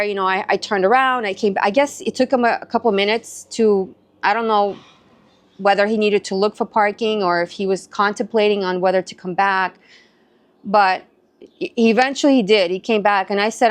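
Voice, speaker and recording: A faith and encouragement vlogger, a mom from Southern California, shares a personal story in a casual way, using many "likes" and quoted exchanges. Her medium-pitched voice keeps a steady tone at a brisk pace, with no echo.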